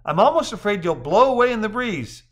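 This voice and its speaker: Man doing a small teasing lady, way up high, bright. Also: big pitch swings, brisk. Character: petite teasing woman on vacation.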